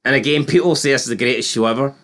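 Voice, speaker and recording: A man in casual conversation, talking through an episode with a rambling, incredulous energy. His pitch sits in an ordinary middle range for a man. He keeps circling back to his point with loose, chatty asides. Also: very fast. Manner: chatty, rambling, incredulous, animated retelling with quoted voices. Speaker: podcast co-host reviewing a TV episode. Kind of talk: casual chat.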